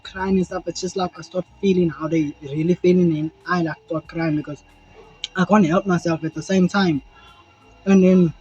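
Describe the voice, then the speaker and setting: A young South African man telling a rambling, animated story to camera, swearing freely and acting out moments as he goes. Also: sits high, husky. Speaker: vlogger. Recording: dull lo-fi sound with faint music.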